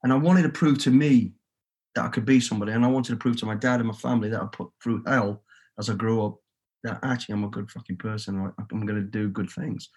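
Middle-aged Brummie man, husky, blunt storyteller who swears freely; podcast guest. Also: fairly low pitch, steady tone, fast, a little mellow. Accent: Birmingham. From England. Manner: blunt and swearing freely, telling stories with quoted inner thoughts. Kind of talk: candid podcast interview.

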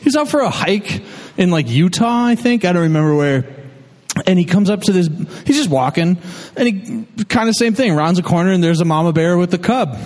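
High, lively joking man in a hall. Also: a little fast. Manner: laughing, wisecracking, rambling. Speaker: host of a live storytelling night. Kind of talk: joking stage banter.

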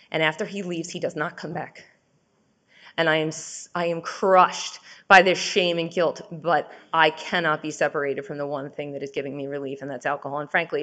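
A woman giving a personal recovery testimony, speaking in a raw, candid way that swings between urgent and hushed. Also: low voice. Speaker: speaker sharing her recovery story.

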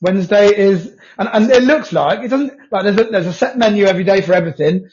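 A man with a high voice rattles through casual podcast chat at a fast clip, swearing freely as he rambles. The sound is dull and lo-fi. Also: darkish tone. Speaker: podcast co-host. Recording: dull lo-fi audio.

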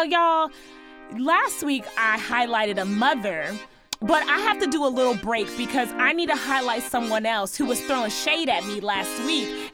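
A woman hosting her own podcast, giving upbeat, preachy encouragement in a sing-song way. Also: sits high. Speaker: podcast host. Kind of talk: upbeat motivational solo podcast.

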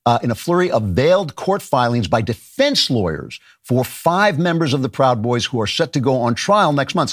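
A man's voice: medium pitch, no room sound, clean studio sound. A man hosting a comic political monologue, sardonic and mocking, who laughs at his own jokes. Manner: animated, shouts mock voices of others. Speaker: political commentator and show host.

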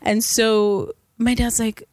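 A young woman co-hosting a casual podcast chat, telling stories with lively acted-out quotes. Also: slow pace, dry recording, clean studio sound. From Mexican-American family. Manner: animated storyteller, acts out quotes in high voices. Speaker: podcast co-host.

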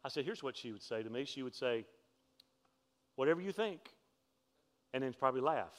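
A male pastor preaching a sermon, telling stories in a conversational way with joking asides and climbing to louder, higher peaks for emphasis. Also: fast talker. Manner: animated storytelling, climbs in pitch and force for emphasis; conversational, humorous asides to the congregation.

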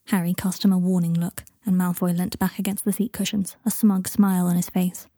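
A woman narrates an audiobook in a steady, even manner. Her voice is husky and mellow, with a dry, close sound. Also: lowish voice, fairly quick, hardly any pauses, dry recording.

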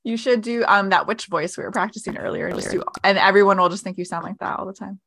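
A woman's voice: mid-range voice, fast talker, creaky, fairly bright tone. A woman co-hosting a podcast in casual chat, bubbly and encouraging, laughing often. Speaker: podcast co-host.

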